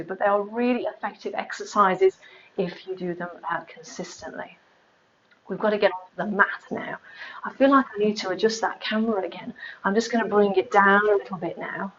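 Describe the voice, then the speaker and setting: Slightly out of breath, a woman with a mid-range voice teaches a live pilates workout in a home room with an exercise mat. She counts reps aloud and chats between exercises, captured in lo-fi sound.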